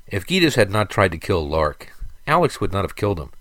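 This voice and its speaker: An eager young caravan guard talks earnestly, laying out his logic step by step, as a man reads him. His voice is deep, and the sound is close and dry. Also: sing-song, brisk, a bit bright, no echo. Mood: reasoning.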